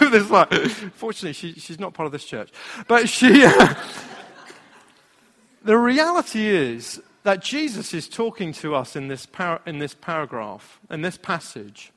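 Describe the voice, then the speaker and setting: A man preaching as a pastor, telling a personal story in an animated way. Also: fairly high pitch. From Britain. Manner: storytelling, animated, laughing at his own anecdote. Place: church hall. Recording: long hall reverb.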